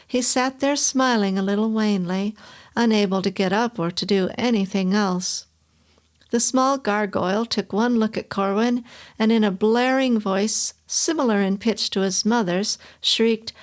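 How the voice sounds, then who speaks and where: A woman reads a classic story aloud, steady and measured. Her voice sits at an ordinary middle pitch for a woman. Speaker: story reader. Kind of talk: audiobook reading.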